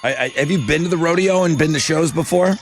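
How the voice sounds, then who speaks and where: A fast-talking radio morning host with a voice on the high side chats energetically, rambling and joking with callers. He sounds a little out of breath during the casual on-air banter.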